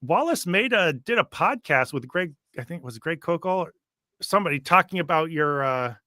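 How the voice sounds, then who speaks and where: A man hosting a casual reaction chat, talking in an animated, sarcastic way and laughing often. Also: a little high, moderate pace, no echo, clean studio sound. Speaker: host.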